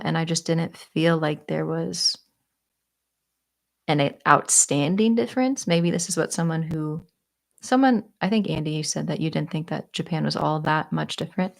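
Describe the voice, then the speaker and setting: Giggly American woman with a gravelly voice. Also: low-pitched. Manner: giggly, animated and rambling. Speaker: YouTuber. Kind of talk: casual chat answering viewer questions.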